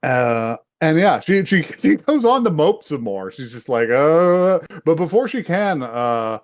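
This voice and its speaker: A man's voice: on the high side, very animated, measured pace, dry recording. A young man hosting a casual podcast, recapping an anime in a rambling, profane way with lots of laughter. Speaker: podcast host.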